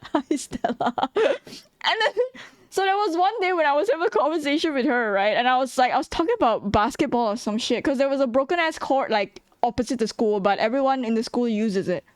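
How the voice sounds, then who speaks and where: Lively young woman telling a story. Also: sits high, fast, hardly any pauses, no room sound. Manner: animated, laughs often, swears freely. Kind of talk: casual storytelling.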